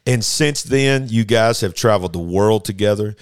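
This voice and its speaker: A man's voice: on the low side, normal speed, smooth, dry recording, studio quality. A man hosting an interview, enthusiastic and affirming toward his guest. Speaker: host.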